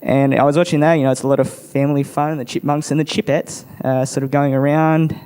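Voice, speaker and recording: A man's voice: a little high, little pitch movement, brisk, mellow, clear, resonant tone. A man doing a laid-back, crude stand-up routine. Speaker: stand-up comedian.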